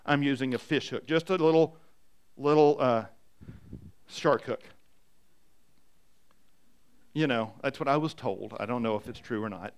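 A man's voice: mid-range voice, unhurried, pauses often. A middle-aged man, a pastor, preaching an emphatic, story-driven sermon. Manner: emphatic, animated storytelling with repetition.

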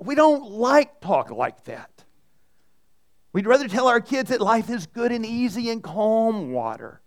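A male pastor preaching a sermon in an earnest way, often repeating words and restarting. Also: high-pitched.

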